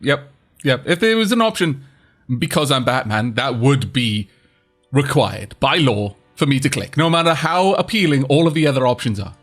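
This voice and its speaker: A man's voice: medium pitch, expressive, normal speed, a bit bright, faint music behind. A man commentating his game stream, rambling and chuckling as he reads chat aloud. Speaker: gaming streamer.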